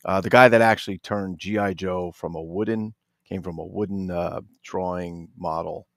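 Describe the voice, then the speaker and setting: A man from New Jersey chatting casually about his toy collection, animated and swearing freely with jokey asides. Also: sits low, normal speed, creaky, no echo, studio quality. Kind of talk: casual unboxing chat.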